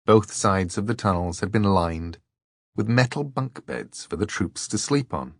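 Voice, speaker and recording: Brief: a male audiobook narrator, low and unhurried, steady and deliberate. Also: no echo, clean studio sound. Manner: measured, deliberate storytelling. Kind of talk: scripted narration.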